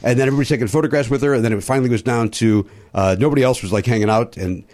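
A middle-aged man with a Chicago accent, a comedian guest on a podcast, telling a story in a lively, profane way and imitating the people he talks about. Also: medium pitch, racing. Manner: animated, profane, mimics voices in anecdotes.

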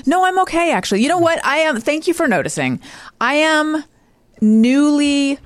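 A woman's voice: sits high, very animated, normal speed, no echo. A woman co-hosting a casual chat, rambling and self-deprecating.

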